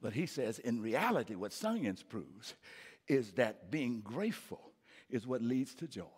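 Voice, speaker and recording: A man preaching a live sermon as pastor, calling out to the congregation and building from quiet, repetitive phrasing to shouted peaks. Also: mid-range voice, very animated, a little slow, slightly rough. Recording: reverberant live church hall.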